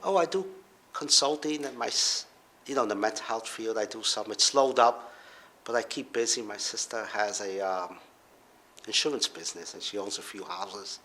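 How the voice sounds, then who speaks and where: Man, middle-aged, lowish voice, telling his own story, restarts, trails off, pops up high for others' voices. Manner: animated, jumps up in pitch to act out others' voices; halting, with restarts and trailing off quietly. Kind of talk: casual personal storytelling.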